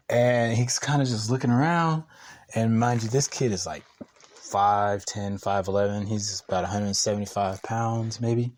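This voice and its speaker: A man's voice: lowish voice, moderate pace, darkish tone. A young man telling stories on a podcast in a casual, slangy way, laughing often and rambling with restarts. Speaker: podcast co-host. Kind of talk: casual storytelling chat.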